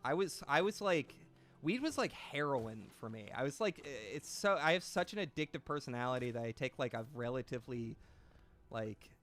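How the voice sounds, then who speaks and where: A man's voice: medium pitch, lively intonation, normal speed, a bit bright. Young male streamer, late twenties, loose rambling chat with plenty of swearing, self-mocking and easygoing, at a desk mic. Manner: rambling, self-deprecating, swears freely, reads chat aloud. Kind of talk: casual gaming stream chat.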